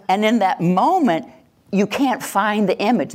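A woman teaching a workshop to an audience, animated and acting out example voices. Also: mid-range voice, a little fast. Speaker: teacher trainer.

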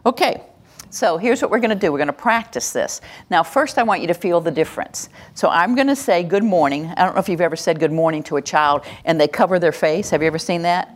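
An older woman presenting a live workshop, lively and demonstrative, acting out examples and leading the audience through exercises. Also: on the low side, fast talker, hardly any pauses. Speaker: workshop presenter on calming children. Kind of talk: live teaching talk to an audience.

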